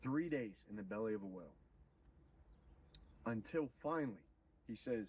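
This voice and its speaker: A man streaming, retelling a story in an animated, profane, preachy way. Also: lowish voice, normal speed, pauses often, recorded from a distance, slight background noise, low-quality recording. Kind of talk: casual storytelling on a livestream.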